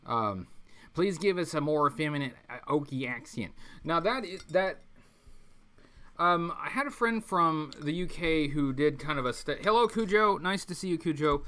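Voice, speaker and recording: Male streamer host, casual chat, bright voice, a bit high, stumbles and restarts a lot. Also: animated, normal speed. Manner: rambling, many ums and restarts, reads chat aloud. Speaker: livestream host. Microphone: webcam mic.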